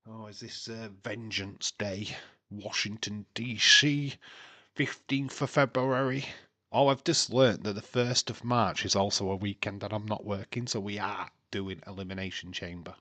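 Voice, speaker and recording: A man chats his way through a live watch-along stream, trading jokes and puns with the chat. His voice sits a little low, and he talks in an unhurried, drawn-out way. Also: steady tone, pushed and bright. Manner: chatty and jokey, laughing at his own puns. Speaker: livestream host. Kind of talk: casual watch-along commentary.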